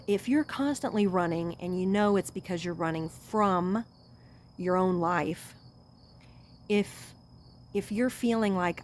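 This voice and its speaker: A woman's voice: on the low side, takes it slowly, pauses often, a little hiss or hum. Earnest woman, faint crickets behind. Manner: earnest, animated, calls viewer honey. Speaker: self-help vlogger. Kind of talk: encouraging talk to camera.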